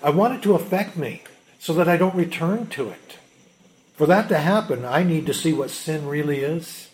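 A man preaching a sermon as a pastor, emphatic, swinging between loud urgency and hushed intensity. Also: fairly high pitch, moderate pace.

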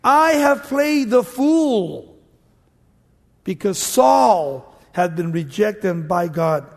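A middle-aged male pastor preaching a sermon in an emphatic, animated way. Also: high-pitched. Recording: long reverb of a large hall.

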